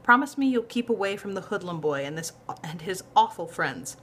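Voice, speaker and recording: A woman's voice: mid-range voice, lively intonation, normal speed, a bit bright, slight background noise, lightly acted. A woman voicing an anxious, doting older grandmother who fusses over her grandson. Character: fussy worried grandmother.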